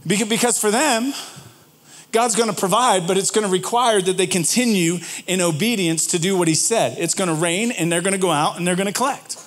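Male pastor, high voice, casual sermon delivery, animated, questions the room, frequent restarts. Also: a little fast. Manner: animated, asks the audience questions, repeats words as he restarts. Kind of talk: conversational sermon.

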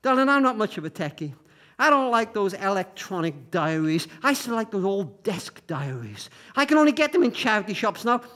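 High-voiced man telling a story. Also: sing-song. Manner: warm, halting with repeated words. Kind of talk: storytelling to an audience.

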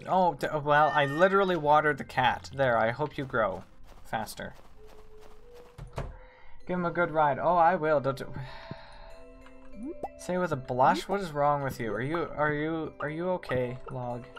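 A woman streaming a game, chatting with viewers as she plays, with sudden excited squeals. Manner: chatty, reads and answers chat while playing; excitable, quick bursts of high squeals. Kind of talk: live gameplay commentary. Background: faint game music.

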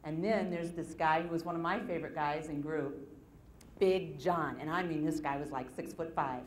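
A woman speaking to an audience at a self-help seminar, telling case stories in a lively, repetitive storytelling manner. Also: on the low side, a little hiss or hum. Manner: storytelling, lively retelling with repeated phrases. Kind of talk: motivational talk to an audience.

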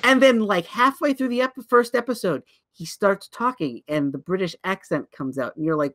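A man's voice: sits high, moderate pace, hardly any pauses. A man co-hosting a casual podcast, stumbling over himself as he eagerly recounts a show. His delivery jumps ahead and doubles back mid-sentence. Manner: animated storyteller, many restarts. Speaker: podcast co-host. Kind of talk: casual chat.

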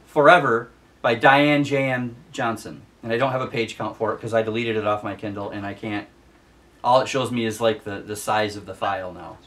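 A man's voice: on the low side, fairly even intonation, a little fast, fairly bright tone, far from the mic. A man hosting a casual book review vlog, ranting with exasperation and repeating himself for emphasis. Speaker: book vlogger.

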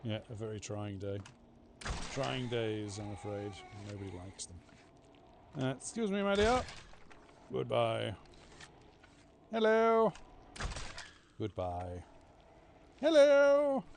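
A man's voice: lowish voice, expressive, unhurried, gravelly, pauses often, a little hiss or hum. A man commentating a game he plays, chatting sarcastically to the characters on screen. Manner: chatty, sarcastic, talks to game characters, mock-panicked outbursts. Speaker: gaming streamer. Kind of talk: casual let's-play commentary.

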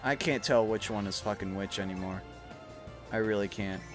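A man's voice: on the low side, moderate pace, over music. Rambling young man streaming games. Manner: rambling, swears freely, many fillers. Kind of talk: casual chat while gaming.

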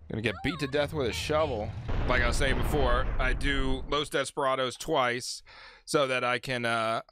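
A man speedrunning a game and commenting casually, excitable and swearing, shouting when a run goes wrong. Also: medium pitch, unhurried, background noise. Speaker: speedrunner streaming his own game runs.

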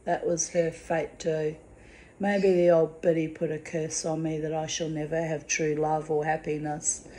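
A woman's voice: low voice, mellow. A middle-aged woman speaking in a personal vlog monologue, bitter and confiding, with blunt swearing. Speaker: vlogger.

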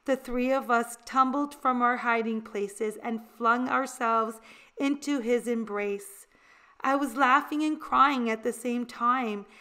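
Slow, expressive woman reading a storybook. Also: a little high. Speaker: storybook reader. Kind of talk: children's picture-book read-aloud.

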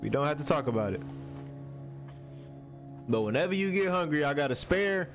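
A man's voice: on the high side, moderate pace, soft background music. A young man, commentating a horror game playthrough as he talks to the character on screen. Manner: animated and jumpy, talking to the game character, slangy. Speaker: gaming streamer.

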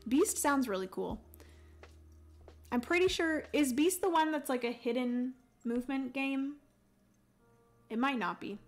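A woman's voice: high voice, unhurried, long pauses. A young adult woman hosting a board game livestream, chatting casually, reading viewer comments aloud and explaining rules with frequent ums. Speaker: livestream host playing a solo board game. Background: faint background music.

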